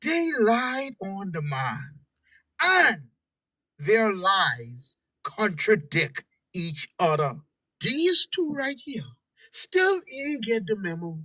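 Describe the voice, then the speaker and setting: Slow, scornful Bahamian woman commentator. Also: mid-range voice, sing-song, bright, forceful tone, dry recording, rough recording. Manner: scornful, preachy. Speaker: political commentator. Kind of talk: commentary over video clips.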